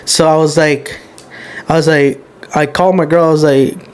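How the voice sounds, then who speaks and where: A young man hosting a casual podcast, his voice sitting a little higher than most men's. He tells personal stories openly and with feeling, dropping curse words freely as he goes. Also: fairly even intonation, normal speed, clear, resonant tone. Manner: candid, emotional storytelling, heavy swearing. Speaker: podcast host.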